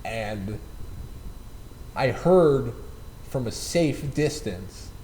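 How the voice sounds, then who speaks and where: A man's voice: mid-range voice, animated, very slow, a little mellow, a little hiss or hum, poor audio. A man casually telling rambling, profane anecdotes about a former coworker, often repeating and correcting himself. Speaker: storyteller.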